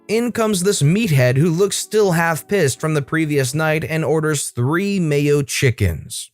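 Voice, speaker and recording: A man narrating online stories in a scripted, expressive reading, with asides to his viewers. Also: on the high side, dry recording.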